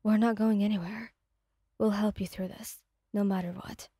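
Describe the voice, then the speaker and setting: A woman reading the part of a cheerful, caring young man who speaks softly and reassuringly. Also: mid-range voice, fairly even intonation, normal speed, slightly rough, dry recording, studio quality. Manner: soft, reassuring. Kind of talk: fanfic audio reading.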